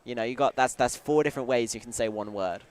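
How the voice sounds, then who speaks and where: A man's voice: mid-range voice, fast, darkish tone. A British man chatting casually as a stream commentator, talkative and jokey, often restarting his sentences. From United Kingdom. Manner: chatty, self-interrupting, jokey. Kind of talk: casual chat.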